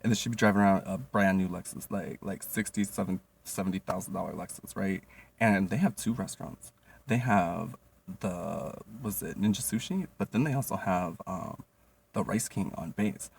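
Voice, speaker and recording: A young man spins a profane, animated storytime monologue, laughing often and leaning on filler words. His voice is low and gravelly with a husky edge. He sounds a little distant from the mic. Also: normal speed, slight background noise. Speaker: vlogger.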